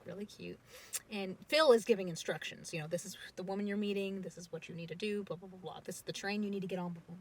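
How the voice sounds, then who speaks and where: A young woman casually telling a family story, animated and getting loud and excited at the dramatic parts. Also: fairly low pitch, a little hiss or hum.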